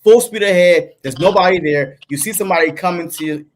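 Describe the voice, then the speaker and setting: A man's voice: sits high, a little fast. A man co-hosting a sports podcast in a laid-back, casual chat style, dropping fillers like "man" and "bro". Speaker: podcast co-host.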